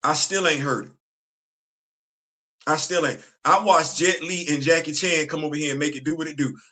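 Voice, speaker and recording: Emphatic man with a bright voice. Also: a little high, steady tone, normal speed. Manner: emphatic, repeats phrases for effect. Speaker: commentary channel host. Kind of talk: casual opinion commentary.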